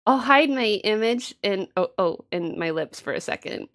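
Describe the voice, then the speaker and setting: A woman's voice: medium pitch, lively intonation, moderate pace, a bit bright. A woman streaming a game with casual chat, playful, giggly and self-mocking.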